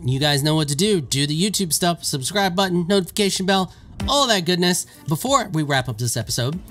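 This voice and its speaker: A man giving let's play commentary on a game, excitable and quick to anger, ranting at the creatures on screen. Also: a little high. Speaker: gaming YouTuber.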